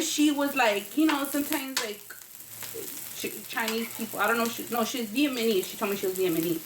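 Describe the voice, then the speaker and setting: A woman vlogger telling a rambling, profane story while cooking in her kitchen, with food sizzling in the background. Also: medium pitch. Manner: chatty, profane, rambling with many fillers. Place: home kitchen. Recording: echoey kitchen, faint noise. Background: food frying and sizzling.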